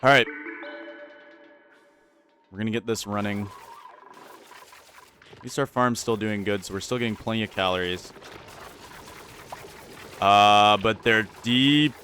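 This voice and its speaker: A man's voice: lowish voice, measured pace, long pauses, pushed and bright, soft background music. A man commentating his own video game play, rambling and repeating himself as things go wrong. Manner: frantic, rambling, often repeats himself under pressure. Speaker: gaming channel host.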